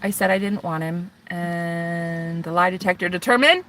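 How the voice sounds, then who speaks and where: A woman's voice: lowish voice, moderate pace, fairly bright tone, slight background noise. A woman vlogging in a casual confessional chat, rambling and chatty with lots of fillers. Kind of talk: casual confessional vlog talk.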